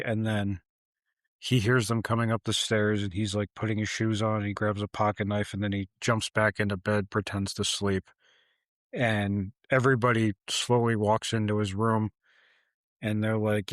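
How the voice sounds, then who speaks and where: Low-voiced man recapping a movie. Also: measured pace, dry recording, studio quality. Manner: animated retelling, acts out characters' lines. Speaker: podcast co-host. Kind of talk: casual movie recap chat.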